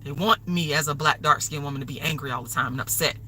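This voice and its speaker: A woman's voice: deep voice, quick pace, bright, forceful tone, a little hiss or hum, rough recording. A woman hosting a livestream, delivering an angry, profane, repetitive rant. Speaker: livestream host.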